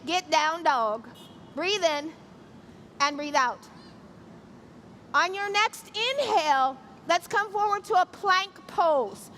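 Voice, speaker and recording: A woman's voice: extremely high pitch, pushed and bright, slight background noise. A middle-aged woman teaching an outdoor yoga class, giving playful, encouraging cues and jokes. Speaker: yoga instructor. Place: outdoor city square event.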